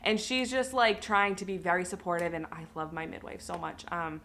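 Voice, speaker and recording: A woman's voice: on the low side, steady tone, fairly quick, a bit bright, a little hiss or hum. A woman vlogger telling her own story to the camera, candid and emotional, with lots of fillers.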